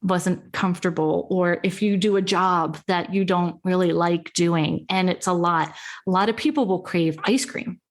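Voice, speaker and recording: A woman speaking as a guest on a podcast, chatting in an animated, playful way with laughs and fillers. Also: fairly low pitch, moderate pace. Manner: animated and playful, laughs, jumps into quoted voices. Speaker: podcast guest, healthy eating advocate. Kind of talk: casual interview chat.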